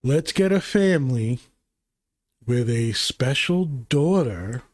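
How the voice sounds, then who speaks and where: A man hosting his own channel, recapping movies in a casual, rambling, profane way that grows excitable. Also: medium pitch, slow, no echo. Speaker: channel host.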